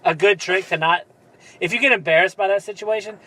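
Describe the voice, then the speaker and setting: A man's voice: high voice, a little fast, pushed and bright, low-quality recording. A man co-hosting a podcast, telling a rambling story in casual chat, laughing often and filling with "like" and "uh". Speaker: podcast co-host.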